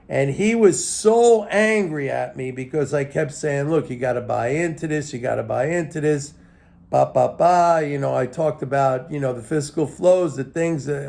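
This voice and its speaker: Slow, gravelly-voiced man musing aloud. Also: a little high, a little mellow. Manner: rambling, repeats himself, many "like"s and "okay?". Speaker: market commentator. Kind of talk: casual monologue.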